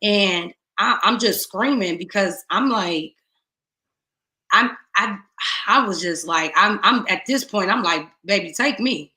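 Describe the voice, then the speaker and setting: A middle-aged woman tells her own loss as testimony, and her bright, edged voice carries across the space. She moves between hushed, near-whispered pain and sudden loud bursts, and the room lends a noticeable echo. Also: medium pitch, takes it slowly. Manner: raw, tearful retelling with rising outbursts and hushed moments. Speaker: guest speaker. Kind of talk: emotional personal testimony.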